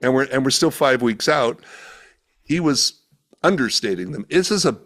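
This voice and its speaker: A man's voice: mid-range voice, lively intonation, moderate pace, a bit bright. A man telling a story in casual conversation, acting out the dialogue he quotes, speaking over a video call. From United States. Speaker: guest, event organizer. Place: home, remote call.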